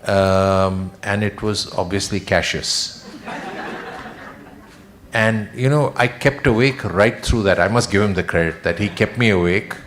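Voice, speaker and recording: A man with a fairly low voice tells stories from his career in a relaxed, self-deprecating manner. He speaks plainly and takes his time, with a dry touch of humor. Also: unhurried. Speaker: senior executive honored at a farewell. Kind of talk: reminiscing speech. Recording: online webinar audio.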